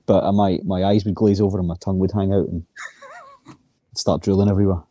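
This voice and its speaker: A man's voice: deep voice, level tone, quick pace, mellow. A man co-hosting a livestream podcast, chatting in a laid-back way and teasing his co-host. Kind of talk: casual chat.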